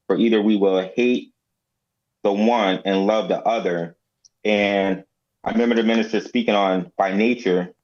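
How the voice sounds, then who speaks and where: Deep-voiced man in his forties, reflective. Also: a little mellow, muffled recording. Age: 40s. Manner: reflective, halting. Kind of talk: casual chat.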